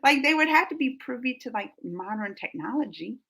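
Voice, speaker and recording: A woman's voice: on the high side, animated, brisk, gravelly, fairly bright tone, husky. A woman from New Orleans with a Southern US accent, chatting casually as she reads her live stream chat aloud, laughing often and trailing off mid-sentence. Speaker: YouTube reaction host reading live chat.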